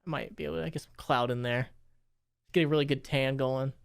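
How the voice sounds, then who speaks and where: A man's voice: mid-range voice, steady tone, a little fast, vocal fry, clear, resonant tone, dry recording. A young man hosting a casual podcast, joking and incredulous, swearing as he reacts. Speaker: podcast host. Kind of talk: casual chat.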